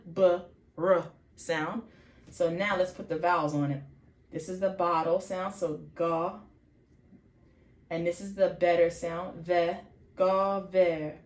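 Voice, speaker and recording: A woman teaching vocabulary in an informal lesson, slowly sounding out letters and repeating each word many times, often correcting herself. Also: on the low side, darkish tone, roomy sound. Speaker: faith channel host teaching vocabulary.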